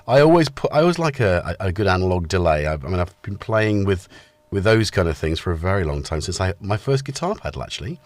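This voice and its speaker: A middle-aged man hosting a live stream, chatting casually and greeting his viewers by name. His pitch jumps around a lot, up and down. The sound is close and dry, with no room echo. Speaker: livestream host.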